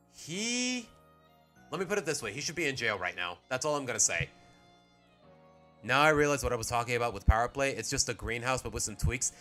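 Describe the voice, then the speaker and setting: Lively man streaming. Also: mid-range voice. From Mexico. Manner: rambling, self-interrupting, opinionated. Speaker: streamer ranking cartoon episodes. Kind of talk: casual live-stream commentary.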